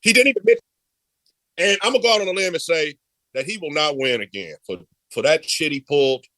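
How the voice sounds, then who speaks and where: A man co-hosting a casual sports debate show, animated and quick to laugh, firing off provocative questions. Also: fairly high pitch, no room sound. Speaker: co-host.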